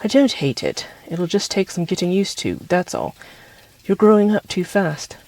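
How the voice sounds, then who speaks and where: A gentle, dry-humored father with a British accent from a read-aloud storybook, as a male reader voices him. His lines are soft and affectionate. Mild, a little above the reader's usual pitch. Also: lively intonation, moderate pace, low-quality recording. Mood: tender.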